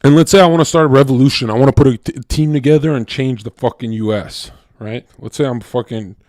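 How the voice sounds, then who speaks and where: A man talking to his stream in a casual, animated and profane monologue, swinging between loud rants and quiet asides. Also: medium pitch, fast talker, no room sound, clean studio sound.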